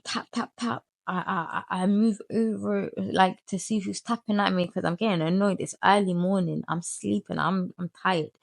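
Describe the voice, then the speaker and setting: A woman in her thirties, bluntly retelling her own story in a storytime vlog, swearing freely and animated. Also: mid-range voice, creaky, no echo. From United Kingdom. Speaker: vlogger.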